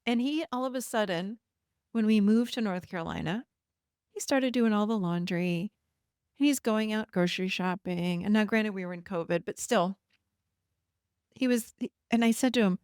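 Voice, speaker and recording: A woman's voice: mid-range voice, moderate pace, long pauses, a little mellow, smooth, no echo, clean studio sound. A middle-aged woman hosting a solo podcast, talking directly and encouragingly to her listeners about habits. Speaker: podcast host and codependency coach. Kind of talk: solo podcast teaching monologue.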